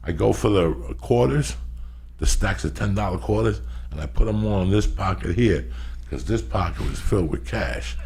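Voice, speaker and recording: A middle-aged man hosting a podcast, telling stories loudly with lots of swearing. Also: lowish voice, moderate pace, slightly rough. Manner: loud, profane and animated. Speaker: podcast host. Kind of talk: casual storytelling.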